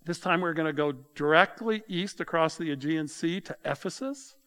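Conversational male pastor, slightly high voice. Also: moderate pace, fairly bright tone. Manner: conversational, addresses congregation directly. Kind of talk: sermon.

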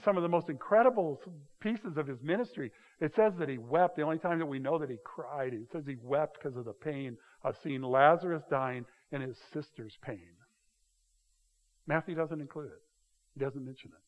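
A male pastor preaching a sermon, talking casually and telling stories with quick acted-out voices. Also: on the high side. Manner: conversational, animated storytelling with quick acted-out voices. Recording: dull sound with long hall reverb.

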